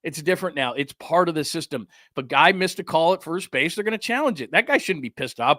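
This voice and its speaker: A male sports show host delivers a heated, sarcastic rant, tossing in mocking quotes. His voice sits fairly high and sounds sharp and forceful. The sound is dry and close, with no room around it. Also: expressive, quick pace, no echo. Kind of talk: ranting sports talk show.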